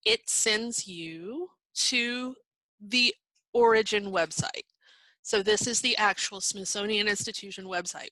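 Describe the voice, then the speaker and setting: A library presenter gives a virtual conference talk while sharing her screen, explaining things conversationally with fillers, restarts, and hiccups. Her medium-pitched voice has a sharp edge, and the recording is dry and rough.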